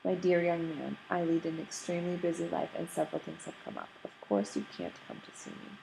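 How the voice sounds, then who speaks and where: A stern, busy older rabbi who talks in cross, clipped, formal sentences, voiced by a woman reading aloud. His voice sits low and gravelly. There is a faint hiss behind it. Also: big pitch swings, fairly quick, mellow, full character voice, rough recording. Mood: curt.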